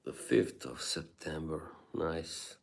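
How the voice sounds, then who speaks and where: A man's voice: very deep voice, fairly even intonation, slow pace, creaky. A man hosting a livestream, chatting casually with viewers and laughing often between remarks. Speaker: livestream host reading chat.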